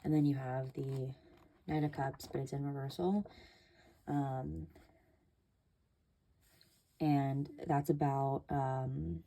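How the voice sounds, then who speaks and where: A woman's voice: rumbling low, fairly even intonation, slow pace, creaky, pauses often, mellow. A woman giving a casual tarot reading, chatty and loose, with many fillers and casual swearing. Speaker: tarot reader.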